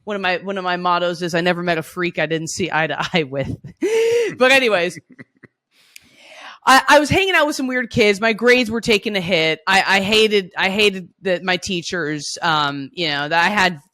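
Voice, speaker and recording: A woman co-hosting a podcast, telling stories casually with lively restarts and frequent laughs. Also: lowish voice, normal speed. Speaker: podcast co-host. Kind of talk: casual conversational storytelling.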